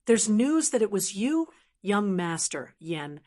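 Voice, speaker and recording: A woman's voice: mid-range voice, sing-song, slow, mellow. A woman reading the lines of a worried, formal middle-aged male sect elder in an audiobook.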